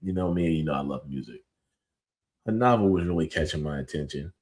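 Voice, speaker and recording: Deep-voiced man telling a story casually. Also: fairly quick. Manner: animated, slangy storytelling with frequent fillers. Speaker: podcast host.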